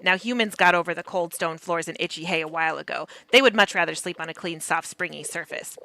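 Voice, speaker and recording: A woman's voice: on the low side, quick pace, bright, forceful tone, voice pushed down. A woman reading out the lines of a sarcastic, bossy animal innkeeper from a game, in a near-everyday voice. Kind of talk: reading game dialogue aloud.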